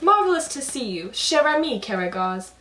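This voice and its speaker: Woman doing a puppet-show fop: pompous, flowery, loud and high; roomy echo. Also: very animated, normal speed, far from the mic, a little hiss or hum, exaggerated voice. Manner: loud, high, affected formal speech. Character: pompous worldly man, flowery and fussy. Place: basement.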